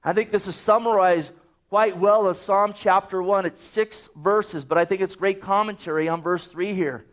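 High-voiced earnest male preacher. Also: steady tone, moderate pace. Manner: earnest, urging, scripture-quoting. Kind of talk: sermon.

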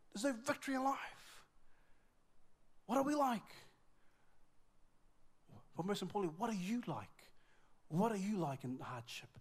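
A middle-aged man from New Zealand preaching a sermon with passion, swinging from loud exclamations to quiet, intimate asides. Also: extremely high pitch. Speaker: pastor.

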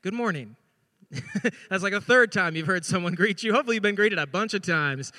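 A male pastor in his forties telling chatty, animated personal stories during a sermon. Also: high-pitched, a little fast, no room sound, clean studio sound, long reverb tail.

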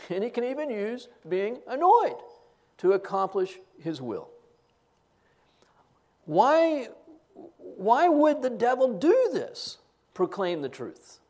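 An older male pastor delivering a sermon with a rough, gravelly edge to his voice. His pitch sits a little high and moves a lot, rising on rhetorical questions and dropping low for asides. He mixes teaching with dry, self-deprecating humor. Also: a little mellow.

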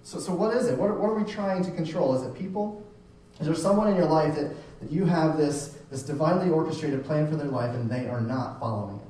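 An American pastor delivers a sermon in a loose, conversational manner, often repeating words and restarting. His mellow voice is on the high side and brisk, picked up from a distance in a very echoey room over a faint hum.

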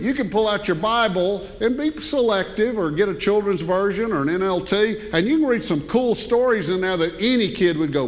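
An older man preaching a sermon as pastor, folksy and animated, joking with the congregation. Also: high voice, moderate pace. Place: church sanctuary. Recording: long hall reverb.

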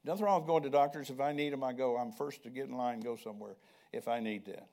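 Older guy pastor giving a sermon, talks plain and conversational, mid-pitched voice. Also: fast talker, a little mellow. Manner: preacherly, conversational, asks the congregation questions.

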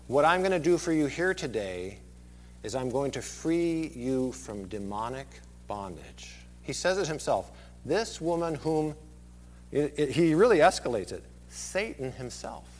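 A man in his thirties preaching a sermon, conversational and digressive, often dropping suddenly to a quiet voice. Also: a little high. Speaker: pastor.

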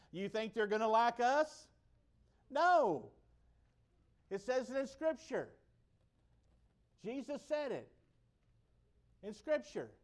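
A high-pitched man from the United States delivers a sermon. He talks emphatically and circles back to the same phrases to drive each point home. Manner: emphatic, repeats key phrases. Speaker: preacher.

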